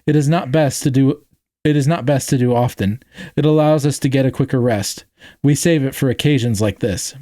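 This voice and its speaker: A man's voice: mid-range voice, normal speed, dark tone, no echo, clean studio sound, lightly acted. A man voicing a polite female alien team leader who speaks stiffly and formally. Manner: stiff formal speech without contractions.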